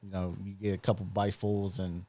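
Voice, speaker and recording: A man co-hosting a live podcast, talking in a relaxed, rambling way with many ums and likes. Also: deep voice, brisk. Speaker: podcast co-host. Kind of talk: casual live podcast chat.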